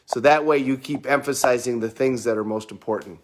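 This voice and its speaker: A man's voice: mid-range voice, fairly quick. A man coaching his viewers in a motivational talk, earnest and repeating key phrases for emphasis. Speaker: self-help coach.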